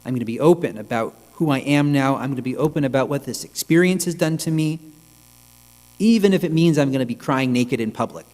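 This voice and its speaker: A man's voice: medium pitch, fairly quick, a little mellow, close to an everyday voice. A man voicing an old male sage who weeps but refuses to hide his scars, speaking earnestly in a sermon with long sanctuary reverb.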